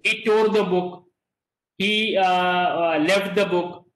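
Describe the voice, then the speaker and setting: A man's voice: high-pitched, fairly even intonation, takes it slowly, a bit bright, roomy sound, poor audio. A middle-aged man with an Indian English accent teaching an online class, repeating and stressing key words and slipping into Hindi.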